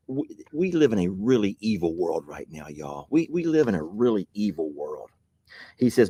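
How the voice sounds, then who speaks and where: A man's voice: mid-range voice, dry recording. A man, chuckling and grateful as he hosts a casual chat, reading viewer mail aloud. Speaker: channel host opening viewer mail.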